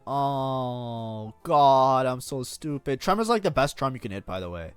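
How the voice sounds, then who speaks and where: Faint music sits behind a man of medium pitch who speaks unhurriedly with lively intonation, his tone clean and free of room sound. Reviewing his own match as a streamer, he cusses freely, vents his frustration in outbursts and talks continuously while blaming himself, in casual gameplay commentary.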